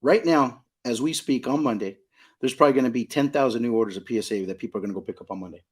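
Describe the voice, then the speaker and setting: Husky middle-aged man, emphatic talk. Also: medium pitch, racing. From Southern California. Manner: emphatic, repeats points, asks "you know what I mean?". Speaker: card shop owner, guest. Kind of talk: casual podcast conversation.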